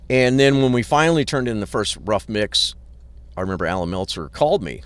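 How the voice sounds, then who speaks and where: A middle-aged record producer casually tells long anecdotes in a hotel parking lot, swearing a lot and acting out quotes. His voice is fairly low, animated and quick.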